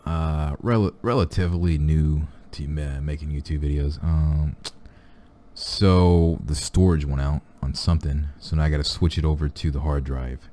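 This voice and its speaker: Brief: young male reaction host, very low dark voice, rambling loose chat. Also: fairly even intonation, moderate pace. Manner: rambling, full of fillers and restarts. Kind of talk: casual chat.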